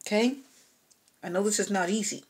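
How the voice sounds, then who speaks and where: A woman's voice: medium pitch, a little fast, a little mellow, husky. A woman giving a personal tarot reading, talking straight to the client, repeating her points and checking in with "okay?". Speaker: tarot reader.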